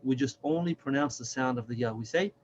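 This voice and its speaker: A man teaching a Quran reading lesson, speaking slowly and deliberately, repeating and stretching sounds to demonstrate them. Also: mid-range voice, dull audio, slight background noise. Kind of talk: slow, patient recorded lesson.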